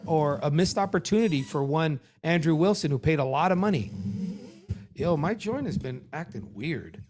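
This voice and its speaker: A man hosting a show, giving sarcastic, animated commentary on a debate to his live chat. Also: fairly high pitch. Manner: sarcastic, animated, mocking impressions. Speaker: show host reviewing a debate.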